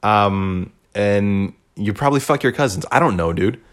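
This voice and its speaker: A man's voice: on the low side, normal speed. A man hosting a podcast, rambling in a casual, profane, laid-back monologue. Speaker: podcast host.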